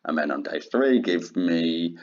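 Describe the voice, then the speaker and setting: A man's voice: low-pitched, animated, a little slow, darkish tone. A man telling it as a shrewd humble peasant. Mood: bargaining. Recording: dull lo-fi sound.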